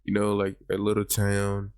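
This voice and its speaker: A man's voice: on the low side, completely flat delivery, moderate pace, a little mellow, smooth, no room sound, clean studio sound. Laid-back man hosting a chat. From Georgia. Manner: rambling, many "like" and "I mean" fillers. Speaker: podcast host. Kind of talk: casual chat. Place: virtual reality chat room.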